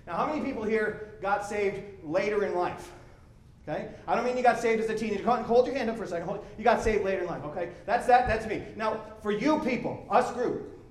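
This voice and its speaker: A man pastor preaching a sermon in a church, conversational and animated, repeating himself as he builds. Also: sits high, brisk, roomy sound. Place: church sanctuary.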